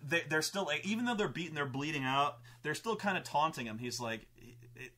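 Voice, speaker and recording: A man, host and game master, telling a tabletop campaign story in an excitable, profane way with many restarts. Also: fairly high pitch, brisk.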